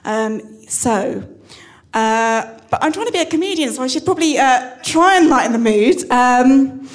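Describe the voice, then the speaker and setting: A woman doing a halting, self-deprecating stand-up set on a club stage, full of restarts. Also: high-pitched, lively intonation. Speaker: stand-up comedian.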